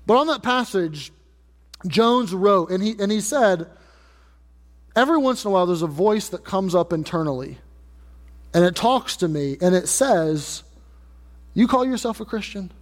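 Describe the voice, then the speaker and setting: A man's voice: high-pitched, expressive, moderate pace, pauses often. A male pastor preaching a sermon, earnest and emphatic, building intensity through repeated phrases. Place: church sanctuary. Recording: church hall reverb.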